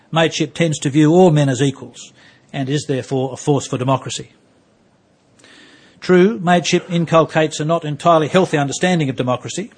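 An older Australian man delivers a public lecture in a husky, slightly breathy voice at a middle pitch. He is wry and digressive, sliding from read-out quotations into personal anecdotes.

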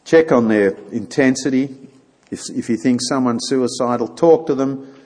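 A man's voice: medium pitch, moderate pace, mellow, big-room sound. A man giving an informal church talk, chatty and now and then acting out little dialogues. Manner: conversational, acts out little dialogues. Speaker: church speaker.

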